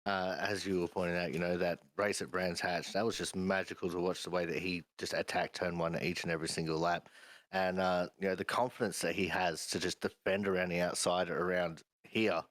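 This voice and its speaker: A man's voice: sits low, little pitch movement, a little fast, a bit bright, no echo, poor audio. A man with an Australian accent, co-commentating sim racing in an easygoing way, full of fillers. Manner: easygoing, many "uh, you know" fillers. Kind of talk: race commentary chat.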